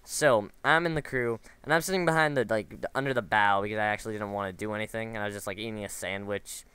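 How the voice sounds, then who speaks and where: Rambling low-voiced guy over gameplay. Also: fast, sharp tone, clean tone, no echo. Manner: rambling, lots of fillers and restarts, wanders off into stories. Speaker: gameplay commentator. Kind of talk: casual game commentary.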